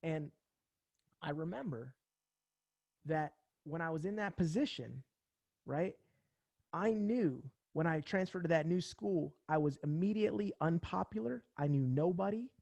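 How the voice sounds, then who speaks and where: A young man from central New Jersey giving a casual, energetic motivational sales talk, using slang and acting out phone calls. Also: a little high, unhurried, creaky, no echo, dull audio. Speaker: sales trainer.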